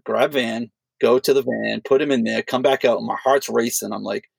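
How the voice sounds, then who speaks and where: A man spins a loose, rambling story in a casual podcast chat, swearing freely and getting animated. His voice is heavily gravelly and husky. The sound is dry and close. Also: mid-range voice, fairly quick, few pauses, dry recording. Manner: rambling, profane, animated retelling. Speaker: podcast co-host.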